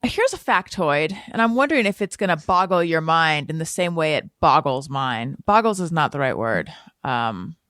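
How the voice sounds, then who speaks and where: Woman podcast host, lively storyteller, self-mocking, dry close sound. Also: low-pitched, moderate pace, few pauses, dry recording. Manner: self-deprecating, animated storytelling. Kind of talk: casual chat.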